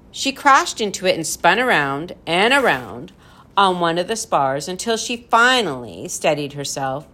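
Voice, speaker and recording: A woman reading a children's storybook aloud in a lively, expressive way. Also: low-pitched. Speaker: narrator.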